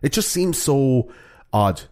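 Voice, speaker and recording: A man's voice: medium pitch, slow pace. A man co-hosting a true-crime podcast in casual chat, rambling with lots of fillers. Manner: rambling, animated, many fillers. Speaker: podcast co-host.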